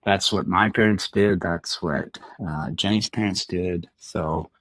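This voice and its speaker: Middle-aged male guest; very low voice, dry close sound, earnest and reflective, searches for words. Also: unhurried, a bit bright, no echo. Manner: earnest, thoughtful, many restarts and repeated phrases. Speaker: guest, former Olympic athlete; father. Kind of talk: reflective conversational interview.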